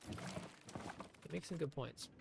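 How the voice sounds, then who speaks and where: A man's voice: on the high side, very slow, gravelly, heavy background noise. Sarcastic man streaming a strategy game. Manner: sarcastic, talking to himself, swearing. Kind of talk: live gameplay commentary.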